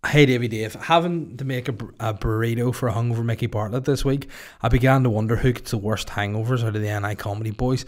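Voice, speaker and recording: A young Northern Irish man hosts a solo podcast and answers listeners in a loose, rambling chat. His jokes land in a dry, deadpan way, at an ordinary mid pitch. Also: quick pace. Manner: jokey, rambling, deadpan asides. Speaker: podcast host and stand-up comedian.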